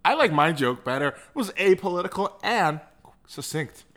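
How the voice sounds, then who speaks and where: Podcast co-host guy, high voice that jumps around a lot, dry sarcastic jokes. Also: animated, moderate pace, fairly bright tone. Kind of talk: casual chat.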